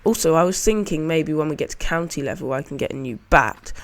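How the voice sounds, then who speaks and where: A man's voice: a little high, fairly quick, a bit bright. Chatty man commentating his own game. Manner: chatty, narrates his own play shot by shot. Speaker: gaming channel host.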